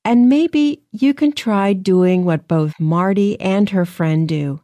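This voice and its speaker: Soft-spoken woman co-host, mellow tone. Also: medium pitch, slow pace, dry recording. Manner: soft, encouraging, gently paced. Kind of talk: scripted radio talk.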